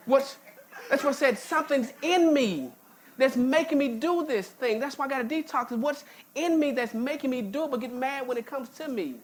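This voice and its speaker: A woman's voice: high-pitched, measured pace, long pauses, slight background noise. A woman pastor preaching a sermon in a church, folksy and emphatic, often repeating words as she restarts. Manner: folksy, informal speech with jokes. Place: church sanctuary.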